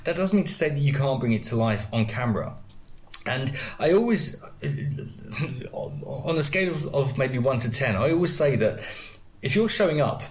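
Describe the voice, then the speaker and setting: A middle-aged man, a guest video coach, explaining things in a podcast interview with many examples and frequent restarts. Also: mid-range voice.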